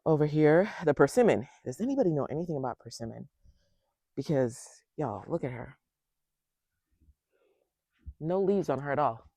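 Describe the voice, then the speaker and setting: A man casually walking viewers through his backyard garden, chatting to them directly and thinking out loud as he goes. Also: a little high, expressive, normal speed, long pauses, no echo, clean studio sound. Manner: chatty, talks straight to viewers and thinks aloud. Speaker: home gardener giving a tour. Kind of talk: casual garden tour vlog.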